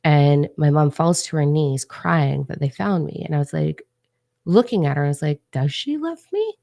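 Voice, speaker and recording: A woman with a low voice and a gravelly edge tells her own story. She talks casually, full of fillers, and sounds lively and dramatic. The sound is dry, with no room echo. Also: normal speed. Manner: casual and animated, many "like" fillers. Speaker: spiritual channel host. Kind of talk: personal storytelling.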